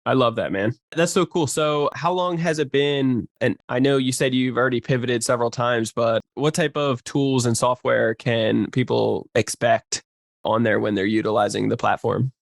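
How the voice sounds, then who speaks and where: A man's voice: medium pitch, normal speed, creaky, no echo, studio quality. A man hosting a podcast, reacting with upbeat, encouraging interjections and questions. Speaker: podcast host.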